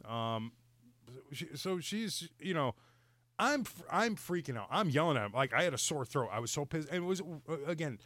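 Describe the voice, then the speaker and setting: A middle-aged man telling a story in casual podcast chat, exasperated and animated, laughing and apologizing for swearing. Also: a little high, moderate pace, dry recording.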